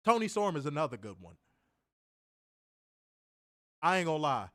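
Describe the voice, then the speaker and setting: Animated, profane man telling stories. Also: on the high side, normal speed, no echo, studio quality. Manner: animated storytelling, loud bursts, profane. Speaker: co-host of a wrestling review show. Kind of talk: casual streamed chat.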